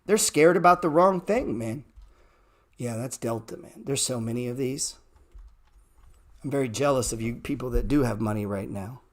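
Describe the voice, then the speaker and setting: A man hosting an unscripted stock market show, blunt and profane, repeating phrases for emphasis and swinging between loud bursts and low mutters. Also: moderate pace, long pauses.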